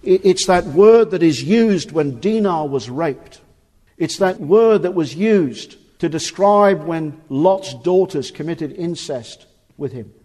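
A man's voice: on the high side, expressive, slow pace, a little mellow. Earnest male preacher in a reverberant hall. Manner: earnest, emphatic, with rhetorical questions. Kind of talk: sermon. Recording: long reverb of a large hall.

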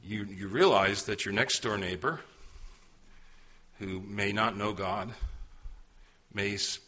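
Male preacher, earnest sermon delivery, fairly low voice with a husky edge. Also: steady tone, takes it slowly, pushed and bright. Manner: earnest, storytelling preacher with rhetorical questions. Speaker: pastor.

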